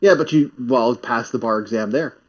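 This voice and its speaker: A man's voice: medium pitch, moderate pace. A talkative man from Canada, chatting animatedly and often repeating his words. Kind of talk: casual chat. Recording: slightly muffled audio.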